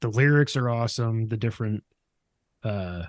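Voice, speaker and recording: A man's voice: fairly low pitch, normal speed, dry recording. A man co-hosting a gaming podcast, chatting casually with a playful, teasing and rambling manner. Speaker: podcast co-host. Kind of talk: casual chat.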